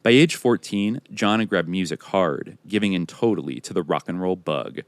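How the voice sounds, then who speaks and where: A man's voice: low voice, animated, normal speed, no room sound. A man co-hosting a podcast, reading long passages and quotes aloud from a music biography. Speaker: podcast co-host.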